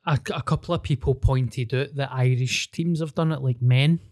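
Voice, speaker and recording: Co-host, casual, quick reactive replies, some swearing. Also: male voice, mid-range voice, steady tone, darkish tone. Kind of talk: casual chat.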